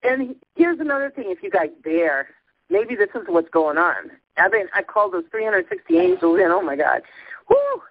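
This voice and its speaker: A woman's voice: fairly low pitch, sing-song, brisk, vocal fry, no room sound. A woman on a spiritual call-in show, ecstatic and emotional, laughing and shaking as she talks. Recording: tinny phone line, dry.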